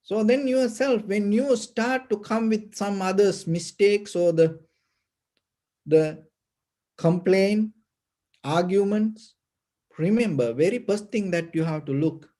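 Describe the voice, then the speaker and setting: A man gives a Buddhist sermon in a very slow, unhurried delivery. His speech is halting, with fillers and restarts. His voice sits fairly high for a man but sounds dark and mellow. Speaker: Buddhist teacher.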